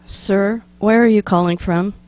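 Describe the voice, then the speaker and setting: A woman reading out the lines of a calm, polite emergency dispatcher in an even, measured way. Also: medium pitch, dull audio, natural voice.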